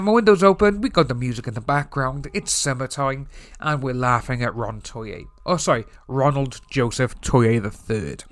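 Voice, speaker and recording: A Welsh man talks through his thoughts in a loose, rambling commentary vlog. His voice sits at an ordinary middle pitch. He stumbles and restarts often but stays animated. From Wales. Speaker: YouTube commentator. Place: home room with open window.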